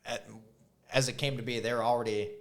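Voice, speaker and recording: A man's voice: mid-range voice, a little fast. A man in his twenties chatting casually as a podcast co-host, telling stories with lots of laughter. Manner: laughing, animated storyteller. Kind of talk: casual chat.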